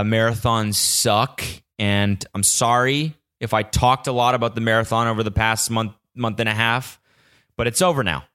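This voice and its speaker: A young man from California hosting a casual solo podcast, animated and profane, mimicking the voices of others as he tells a story. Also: sits low, clear, resonant tone. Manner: animated, swears a lot, mimics cheering voices. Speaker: podcast host.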